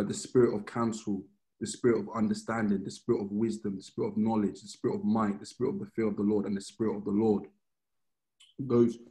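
Man preaching in a relaxed, chatty way. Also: fairly low pitch, rough recording. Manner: informal, storytelling, often restarts phrases. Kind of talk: conversational sermon.

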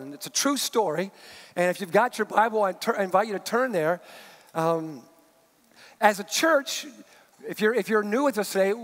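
Animated high-voiced male pastor. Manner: animated storyteller, acts out the people in his stories. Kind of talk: sermon. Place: church sanctuary. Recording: long reverb of a church hall.

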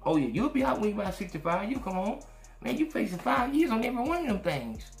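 A man's voice: sits high, sing-song, fast, creaky, roomy sound, over music, pitched above the performer's own voice, exaggerated voice. A man voicing a police lieutenant who presses a suspect to take a deal, pushy and persuasive, repeating "man". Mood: coaxing. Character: coaxing male police lieutenant, pushing a deal.

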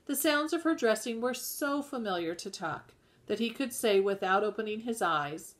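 A woman reading a novel aloud in a measured way, sometimes correcting herself mid-sentence. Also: a little high, animated. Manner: measured, occasional self-corrections. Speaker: audiobook reader.

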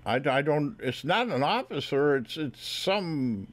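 Mocking prank-calling man, lively voice. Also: fairly high pitch, measured pace, slight background noise. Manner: mocking, playful, gives silly fake names. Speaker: scam baiter. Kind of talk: prank phone call.

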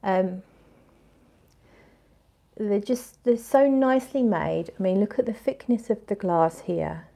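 A woman in her forties hosts a relaxed fragrance livestream, reading out viewer comments and chatting in a bubbly, rambling way, often restarting and laughing. Her mid-range voice is slow and creaky with a warm tone, and she pauses often.

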